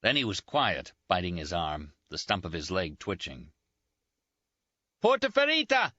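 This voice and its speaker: Man, audiobook narrator, low voice, measured and grave, dry muffled recording. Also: animated, sharp tone, no echo. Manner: measured, grave first-person reading. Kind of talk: scripted narration.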